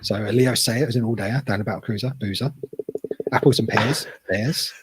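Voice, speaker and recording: A man's voice: fairly low pitch, normal speed, noisy background. A British man from England, chatting casually as a guest and explaining slang with easy humor. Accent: British English. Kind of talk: casual chat.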